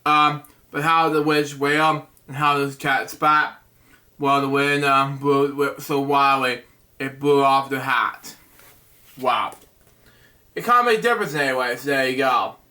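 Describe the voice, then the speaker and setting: A man hosting a bedtime story show, reading a picture book aloud in a halting way, stumbling over words and breaking off with asides. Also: mid-range voice, fairly even intonation, bright, forceful tone. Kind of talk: casual read-aloud with asides.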